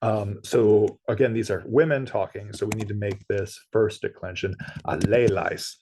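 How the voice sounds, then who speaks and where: A man's voice: on the low side, fairly even intonation, moderate pace, a little mellow, slight background noise. A man teaching ancient Greek, working methodically through a grammar exercise and correcting himself as he goes. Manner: methodical, explanatory, self-correcting.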